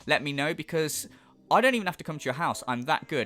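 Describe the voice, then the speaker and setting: A man's voice: fairly high pitch, quick pace, bright, forceful tone, soft background music. A British man giving a sweary, mocking reaction commentary on a video. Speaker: YouTube commentator.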